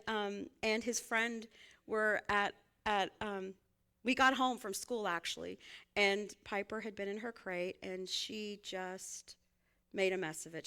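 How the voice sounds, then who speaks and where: A woman's voice: medium pitch, bright, forceful tone, clear, resonant tone. A woman minister, giving a conversational, folksy sermon and laughing often as she speaks.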